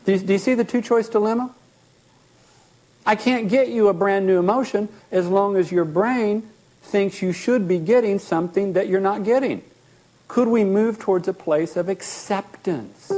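A man teaching as a therapist, animated, often acting out short bits of dialogue and repeating words as he explains. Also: sits high, moderate pace.

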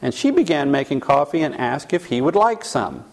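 A man's voice: on the high side, sing-song, normal speed, vocal fry. A man teaching a class, telling a case story and then asking the audience questions. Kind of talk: storytelling lecture.

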